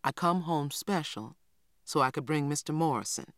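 A man's voice: on the high side, moderate pace, a bit bright, no echo, clean studio sound. A man voicing a plainspoken Southern father in a storybook reading, matter-of-fact. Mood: earnest.

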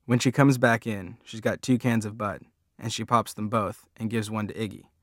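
A man narrating a first-person story in a plain, steady way. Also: fairly low pitch, moderate pace, dry recording, clean studio sound. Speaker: audiobook narrator.

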